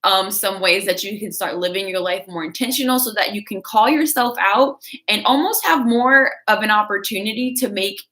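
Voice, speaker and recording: A woman's voice: medium pitch, moderate pace, few pauses, pushed and bright. A woman giving casual motivational talk on a livestream, chatty and coaching, reading out viewer comments. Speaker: fitness creator.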